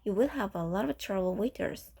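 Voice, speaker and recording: A woman's voice: mid-range voice, animated, brisk, vocal fry, dark tone, breathy edge. A woman voicing a nosy older neighbor woman in a storybook reading, blunt and disapproving.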